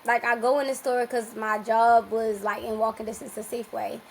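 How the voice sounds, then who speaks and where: A woman guest on a podcast telling a personal story in a casual, animated way, laughing often and restarting her sentences. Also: fairly high pitch, a little fast, a little hiss or hum, low-quality recording.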